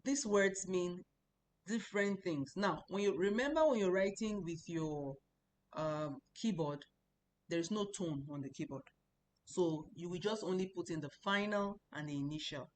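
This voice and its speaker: A woman leads a relaxed online language lesson, explaining step by step and repeating each sound. Her voice sits on the low side. A faint hiss runs under the recording. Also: moderate pace. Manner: explanatory, repeats words for practice, chatty asides. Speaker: Chinese language teacher.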